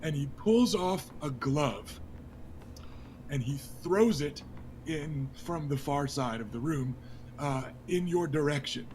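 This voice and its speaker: A man runs a tabletop game in a high voice with an easy, unhurried pace. He narrates in a casual, joking way. A faint hum stays in the background. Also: lively intonation, darkish tone. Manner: casual and joking, with laughs and fillers. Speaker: game master.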